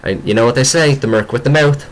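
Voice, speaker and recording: A man's voice: medium pitch, fast talker, poor audio. A man hosting a casual fan podcast chat, joking around and often stumbling over his words. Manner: stammering, joking, restarts often. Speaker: podcast host.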